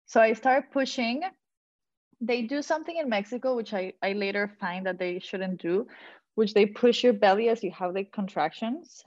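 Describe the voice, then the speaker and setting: A woman's voice: medium pitch, normal speed, no room sound. A young woman telling a personal story in casual talk, full of "like" fillers and acted-out quotes. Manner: animated, many "like" fillers, acts out quoted lines. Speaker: guest. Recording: dull, dry sound.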